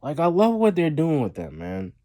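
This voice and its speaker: A man's voice: on the high side, huge pitch swings, moderate pace, warm tone. A man hosting his own wrestling review show, talking casually and rambling with lots of fillers and restarts. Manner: rambling, repeats himself, many fillers and restarts. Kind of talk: casual solo review vlog.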